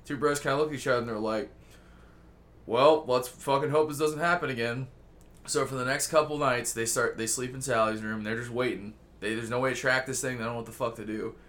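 A man's voice: medium pitch, fairly even intonation, fast talker, few pauses, fairly bright tone. A male podcast host telling a rambling story in casual chat, joking and swearing constantly. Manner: rambling, profane and jokey.

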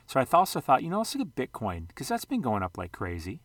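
A man's voice: medium pitch, huge pitch swings, fast, no echo. A man casually walking through charts for his channel, rambling and correcting himself with joking asides. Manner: rambling, self-correcting, jokey. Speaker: sports card and investing vlogger. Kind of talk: casual screen-share commentary.

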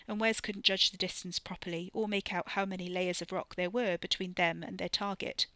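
Woman narrator, bright and crisp, steady measured read, dry studio sound. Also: fairly low pitch, no echo. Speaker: audiobook narrator. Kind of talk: scripted narration.

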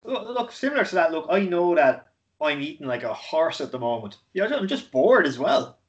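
A man in relaxed podcast chat, often dropping in "you know". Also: a little high, fairly quick, lo-fi sound. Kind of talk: casual chat.

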